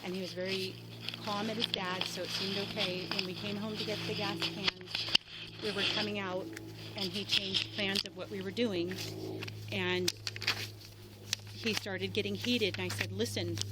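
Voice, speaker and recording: An upset woman gives her statement to a police officer beside a rural road, halting and shaken, restarting her sentences. Her voice sits at an ordinary middle pitch. The body camera audio carries clear background noise. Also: steady tone. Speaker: person reporting an assault to police.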